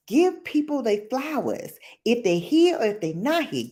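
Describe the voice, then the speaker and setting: Animated woman chatting on a livestream. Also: on the high side, measured pace, hardly any pauses. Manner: animated, laughing, acts out quotes in voices. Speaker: livestream host. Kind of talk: casual storytime chat.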